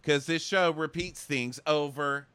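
A man's voice: a little high, measured pace, sharp tone, clean tone, no room sound. A man co-hosting a podcast, recapping a show in casual, sarcastic chat and mocking the people he quotes. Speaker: podcast co-host.

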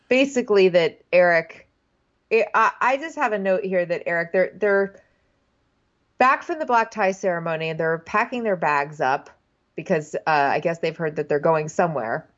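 A woman's voice: on the low side, animated, normal speed. A woman co-hosting a casual recap chat, wry and chatty. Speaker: podcast co-host. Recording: dull lo-fi sound.

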